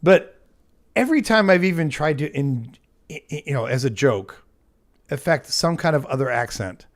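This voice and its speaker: A man's voice: on the high side, expressive, normal speed. Rambling American man on a livestream. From United States. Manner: rambling and self-mocking, many fillers and restarts. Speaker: livestream host. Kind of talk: casual livestream chat.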